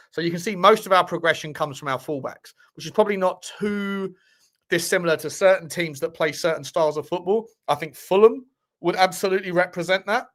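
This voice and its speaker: Bright-voiced man hosting football livestream. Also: fairly high pitch. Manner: chatty, swears casually, restarts and thinks aloud. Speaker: football channel host. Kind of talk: casual livestream football talk.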